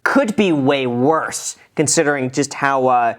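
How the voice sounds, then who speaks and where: A man hosts a reaction show, chatting through clips with quick laughs and playful asides. His voice swings widely up and down as he riffs. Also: mid-range voice, expressive. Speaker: show host. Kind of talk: video reaction commentary.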